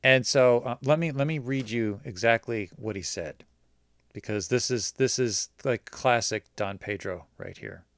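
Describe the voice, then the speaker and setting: A man's voice: mid-range voice, a little slow, fairly bright tone, no echo. Chatty man telling a long anecdote. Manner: rambling anecdote full of quoted dialogue. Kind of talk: casual storytelling.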